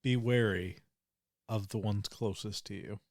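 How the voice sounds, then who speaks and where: A man's voice: fairly low pitch, steady tone, measured pace, a little mellow, no room sound, natural voice. Cryptic older lady baker with a dry, close sound, a man in the role, drops warnings. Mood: secretive. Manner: cryptic, conspiratorial. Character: older woman baker, secretive sleuth. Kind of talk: tabletop role-play.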